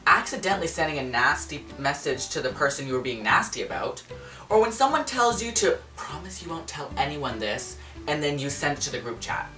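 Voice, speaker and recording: Lively, bright-voiced woman hosting a chat. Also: sits low, a little fast. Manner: animated and dramatic, with gasps and bursts of outrage. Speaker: host. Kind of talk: casual chat with a guest. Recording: roomy echo, distant mic, faint music.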